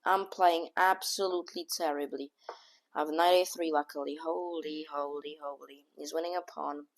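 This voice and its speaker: A woman with a somewhat low voice talks through her own chess game as she plays it. She thinks aloud move by move in casual slang, quick to exclaim and quick to call her own play horrible. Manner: excitable, self-critical, thinks aloud move by move; casual slang, says "bro" and "oh my god". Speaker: chess streamer.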